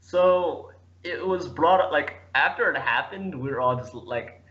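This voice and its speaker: A man's voice: fairly high pitch, measured pace, dull audio. A man, an esports player guest, chatting casually, often laughing and restarting his sentences. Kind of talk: casual chat.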